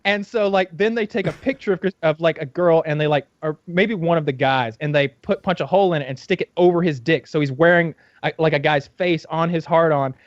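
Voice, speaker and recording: A man's voice: brisk, hardly any pauses, no room sound, lo-fi sound. A man co-hosting a podcast, rambling through a story in casual chat and repeating words as he goes. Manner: rambling storyteller, stumbles and repeats words, acts out quotes in shrill voices. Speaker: podcast co-host. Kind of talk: casual chat, retelling a radio bit.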